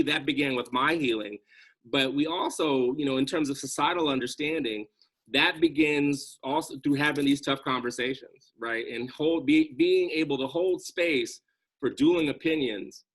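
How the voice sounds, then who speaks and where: A man's voice: medium pitch, normal speed, a bit bright. A man speaking earnestly as a guest on a video call, reflective and conversational, often checking in with "right?".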